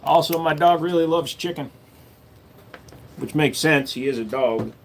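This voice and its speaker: A man's voice: fairly high pitch, a little slow, slight background noise. A man hosting a casual live stream, joking crudely and swearing as he shows off his collection and talks to chat.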